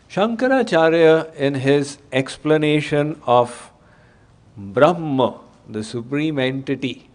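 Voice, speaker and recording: A man giving a temple sermon, telling a story in a measured, explanatory way to his audience. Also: medium pitch, a little mellow. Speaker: spiritual teacher.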